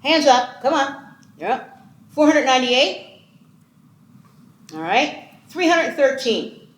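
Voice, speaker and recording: Speaking slowly in a high voice, a woman in her sixties from Ohio gives an animated, humorous keynote on foster care and adoption at a conference, quizzing the audience as she goes. She's chatty and pokes fun at herself. The conference hall sounds echoey, with faint background noise.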